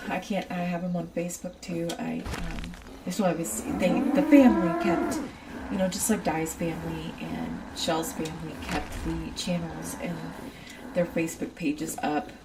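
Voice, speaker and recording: A woman streamer chats casually on a livestream, speaking low and far from the mic in a very noisy recording. She rambles off on tangents and talks straight to her chat viewers.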